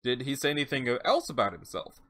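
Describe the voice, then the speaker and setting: A reader voicing an adult interviewer who asks questions in a slow, patient way. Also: mid-range voice, very animated, a bit bright.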